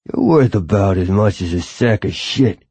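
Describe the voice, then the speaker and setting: A man voicing a gruff older male bouncer, a former heavyweight boxer, coarse and contemptuous. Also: low-pitched, moderate pace, mellow, no echo.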